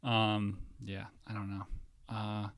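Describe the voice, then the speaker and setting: A man hosting a comedy podcast, telling a meandering, profane story that drops to mumbles and jumps to loud outbursts. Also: fairly low pitch, monotone, takes it slowly, dry recording. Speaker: podcast host.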